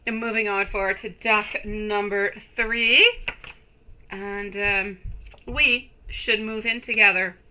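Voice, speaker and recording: A woman hosting a live tarot reading stream, speaking slowly and affectionately to her viewers. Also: medium pitch, fairly even intonation, background noise. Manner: slow, soothing, affectionate toward viewers.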